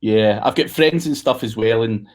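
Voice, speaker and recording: A man's voice: lowish voice, normal speed. A man hosting a podcast, chatting casually and joking, with the odd swear word thrown in. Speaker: podcast host.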